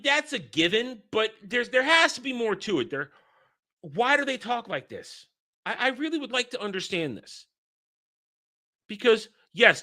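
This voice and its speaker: A man in his thirties or forties rants straight to his audience, exasperated and mocking, tripping over his own words as he restarts. His voice sits a little high and sounds sharp and tense. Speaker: host. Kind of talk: casual commentary rant.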